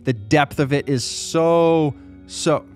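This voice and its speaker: A man's voice: a little high, slow pace, faint music behind. Joking man giving a casual studio gear tour. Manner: joking, animated asides. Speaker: YouTube creator. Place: his video studio. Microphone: boom mic.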